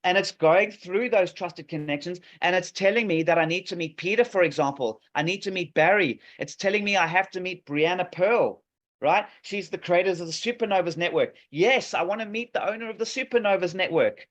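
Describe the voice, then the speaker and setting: A man's voice: high-pitched, a little fast, fairly bright tone. A man presenting an app demo on a video call, enthusiastic and salesy, with many fillers and restarts. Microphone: video call microphone. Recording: dull lo-fi call audio.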